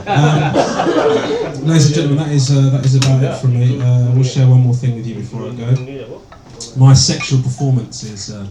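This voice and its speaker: A man doing a stand-up comedy set, deadpan and sardonic, with plenty of swearing. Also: mid-range voice. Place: small comedy venue, indoors, with audience. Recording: echoey room, distant, loud noise. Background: audience laughter.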